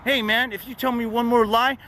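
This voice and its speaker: A man's voice: very high-pitched, flat delivery, fairly quick, bright, forceful tone, a little hiss or hum, pitched above the performer's own voice, rough recording. A man voicing an aggressive male police officer who barks profane orders and threats. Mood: menacing. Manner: menacing, profane, barking orders. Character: aggressive male street cop, bullying.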